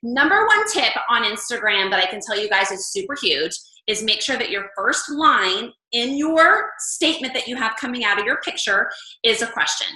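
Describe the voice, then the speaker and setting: A woman leading a casual coaching call for her fitness business team, chatty and animated. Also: a little high, normal speed. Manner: chatty, animated, acts out quoted lines. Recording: echoey room.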